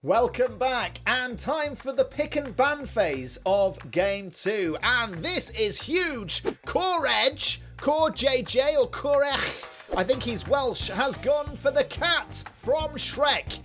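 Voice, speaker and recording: A man's voice: very high-pitched, expressive, slow pace, a bit bright, faint music behind. A man delivering scripted comedy esports commentary with mock hype and absurd asides. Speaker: comic esports caster.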